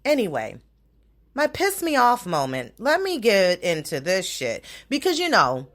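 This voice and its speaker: A young adult woman hosting her own podcast in loose, profane, animated casual chat, laughing easily. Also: mid-range voice, a little slow. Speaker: podcast host.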